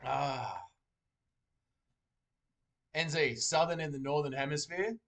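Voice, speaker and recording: A man's voice: on the high side, slow, vocal fry, a bit bright. A man hosting a casual livestream, joking and rambling while reading chat aloud from a desk mic. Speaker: livestream host.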